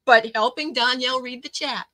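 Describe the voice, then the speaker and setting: A woman helping on a livestream, chatting in an easygoing, unhurried way. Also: high-pitched, fairly even intonation, pushed and bright. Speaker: co-host helping with the chat. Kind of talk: casual chat.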